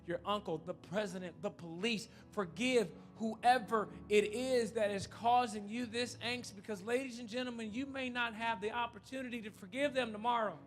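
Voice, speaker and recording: High-voiced emphatic man preaching. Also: moderate pace, hardly any pauses, soft background music. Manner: humorous storytelling turning to earnest appeal; repetitive and emphatic. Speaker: pastor. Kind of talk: sermon. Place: church.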